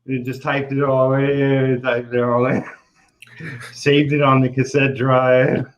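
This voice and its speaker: This comic artist, a man with a mid-range voice and level tone, takes his time as he talks casually on his channel while working. His relaxed storytelling is dotted with laughs and fillers, and the audio is muffled lo-fi call quality.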